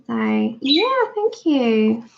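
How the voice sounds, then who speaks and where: Lady chatting on a colouring livestream, a bit higher voice with some fry, dull lo-fi sound. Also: big pitch swings, very slow. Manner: chatty, thanks viewers warmly by name. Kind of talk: casual livestream chat while colouring. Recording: dull lo-fi stream audio.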